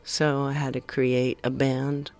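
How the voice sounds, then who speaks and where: A woman's voice: a bass voice, level tone, faint music behind. A middle-aged woman with a Valley girl accent, a musician guest in a casual radio interview, talking in a drifting, hesitant way. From the San Fernando Valley, California. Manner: slow, drifting, hesitant with many ums and soft trailing asides.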